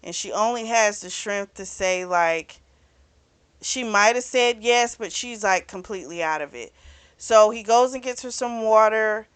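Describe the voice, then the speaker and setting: A woman's voice: medium pitch, a little slow, a bit bright, clear, resonant tone, dry recording. Chatty woman recapping a book. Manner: chatty, retelling scenes with lots of "you know" and "he's like". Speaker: book club host reviewing a novel. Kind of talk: casual spoken book recap.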